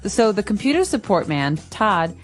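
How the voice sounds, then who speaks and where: A woman co-hosting an English lesson podcast, explaining phrases clearly with example sentences. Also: mid-range voice, very animated, moderate pace, soft background music. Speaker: English teacher and podcast co-host.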